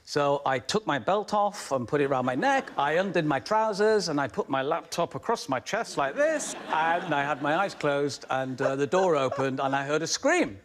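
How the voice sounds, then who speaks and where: A man's voice: a little high, lively intonation, normal speed, few pauses. A man guest on a comedy panel show, telling an anecdote in a mild, hesitant way. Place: TV studio before a live audience.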